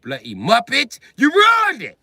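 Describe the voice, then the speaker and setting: A man voicing an irate British man who scolds game developers, shouting and repeating insults in a put-on British accent. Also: very high-pitched, huge pitch swings, a little slow, creaky, no room sound, pitched above the performer's own voice, exaggerated voice. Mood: furious ranting.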